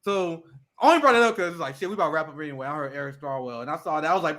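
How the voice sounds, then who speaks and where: A man's voice: high voice, very animated, racing, bright, forceful tone. A young man hosting a podcast, ranting in profane casual chat and mocking others with impressions. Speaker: podcast host.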